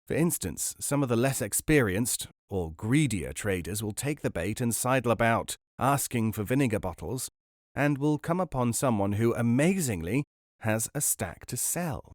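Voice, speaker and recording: A man voicing a smooth, unflappable con man with a breezy, clubby manner. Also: medium pitch, expressive, normal speed, no echo, clean studio sound, lightly acted. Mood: explaining. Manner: breezy, jovial, clipped.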